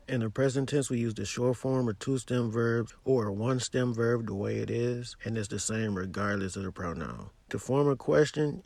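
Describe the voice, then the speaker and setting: Gravelly-voiced man teaching a language lesson. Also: lowish voice, no room sound. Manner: relaxed, plainspoken explaining. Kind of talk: casual spoken lesson.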